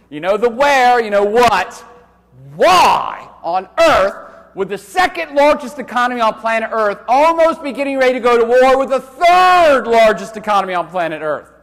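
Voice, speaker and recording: A university lecturer giving a live classroom lecture, loud and animated, joking with students and swearing casually. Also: male voice, extremely high pitch, measured pace. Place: large lecture hall. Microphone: handheld microphone. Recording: reverberant lecture hall.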